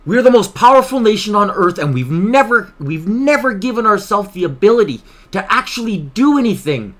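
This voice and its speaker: A man's voice: high voice, very animated, moderate pace, a bit bright. A man from Canada hosting his own political vlog, worked up and emotional, talking in an agitated, impassioned way and repeating himself. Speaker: political vlogger host.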